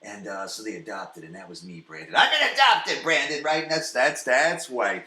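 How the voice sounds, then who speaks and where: A man hosting a podcast, recapping a TV episode in a profane, excitable way that swings between loud and soft. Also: on the low side, normal speed, gravelly, echoey room. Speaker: podcast host.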